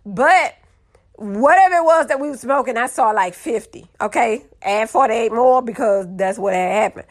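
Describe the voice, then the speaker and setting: A young woman, telling a funny story to her viewers in a lively, casual way. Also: a little high, moderate pace. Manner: animated, drawling, addresses audience as y'all.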